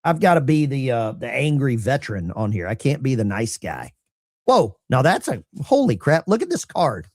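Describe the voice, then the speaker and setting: A man's voice: mid-range voice, very animated, normal speed, darkish tone, dry recording, studio quality. A middle-aged man, a veteran, hosting a casual livestream and reading viewer mail in a blunt, salty, self-mocking way.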